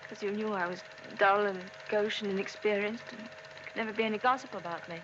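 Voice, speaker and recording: A woman's voice: medium pitch, fairly even intonation, fast talker, lightly acted. A young woman playing a shy, stammering wife. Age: young adult. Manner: hesitant, stammering, apologetic. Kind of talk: 1940s film acting. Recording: hissy, dull 1940s film soundtrack.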